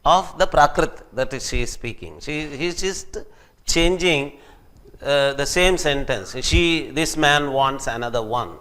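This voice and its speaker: A man's voice: a little high, unhurried. A man giving a classroom lecture as a professor, acting out quoted speech as he explains. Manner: animated, acts out quoted speech.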